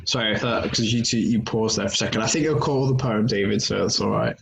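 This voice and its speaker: A man hosting a poetry show, relaxed and a bit hesitant, speaking over an online call. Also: fairly low pitch, fast talker, vocal fry, low-quality recording. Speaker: host. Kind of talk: casual chat.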